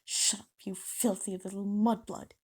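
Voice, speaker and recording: A woman's voice: medium pitch, little pitch movement, unhurried, slightly rough. A woman voicing a spoiled, sneering schoolboy bully who taunts the others. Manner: taunting, contemptuous.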